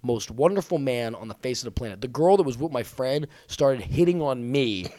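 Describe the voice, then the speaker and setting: A man in his twenties tells a crude story in loose, joking chat. His voice sits at an ordinary pitch and sounds dry and close. He slips into high mimicry when he quotes other people. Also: lively intonation, moderate pace, dark tone, no echo. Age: 20s. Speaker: podcast storyteller. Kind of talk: casual chat, telling a story.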